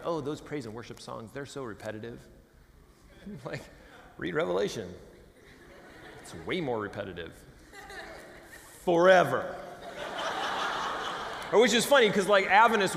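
Gravelly-voiced man preaching a sermon. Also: a little high, long reverb tail, slight background noise. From California. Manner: emphatic, swings from loud declarations to hushed asides. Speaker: pastor. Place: church sanctuary.

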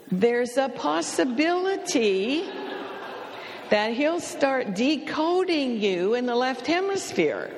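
A middle-aged woman from California tells stories and gives advice at an unhurried, deliberate pace. Her voice has a gravelly edge, and she acts out the people she quotes. The room adds a long, trailing reverb. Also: fairly high pitch. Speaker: speaker on communication. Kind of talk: storytelling talk with demonstrations.

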